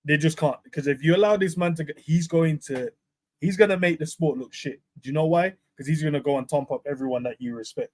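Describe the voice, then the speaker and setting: A man co-hosting a casual sports podcast, relaxed and slangy, laughing often as he talks. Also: on the high side, fast talker. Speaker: podcast co-host. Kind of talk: casual chat.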